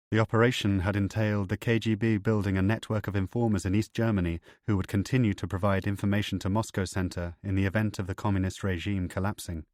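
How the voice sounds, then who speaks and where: A man narrating an audiobook in a measured, even storytelling manner, over loud background music. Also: on the low side, no echo, studio quality. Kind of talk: scripted narration. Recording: loud music bed under voice.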